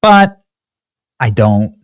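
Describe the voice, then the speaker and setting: A man from Iowa hosts a commentary show, his pitch jumping around a lot as he mocks and riffs. He talks loosely, restarting sentences, with a sarcastic edge. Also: big pitch swings, drawn-out words, clean tone. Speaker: host. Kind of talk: mocking political commentary.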